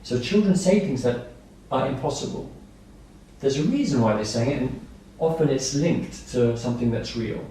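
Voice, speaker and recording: A man's voice: mid-range voice, lively intonation, moderate pace, warm tone, a little hiss or hum. A man training nursery staff, explaining things simply and repeating points with everyday examples. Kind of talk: training lecture. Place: training room. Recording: echoey room from far off.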